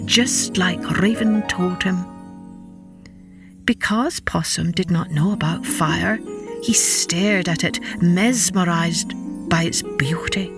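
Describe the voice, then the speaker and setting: A woman telling a folktale to children, expressive and playful, voicing sound effects as she goes. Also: mid-range voice. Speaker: children's storyteller. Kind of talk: storytelling narration for children.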